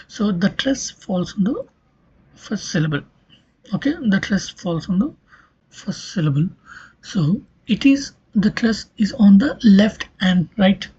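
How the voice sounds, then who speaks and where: Slow, breathy lecturer. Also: mid-range voice, a little mellow. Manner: explains step by step, repeats key terms, frequent "okay". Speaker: linguistics lecturer. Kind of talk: recorded exam-prep lecture. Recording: dull lo-fi recording.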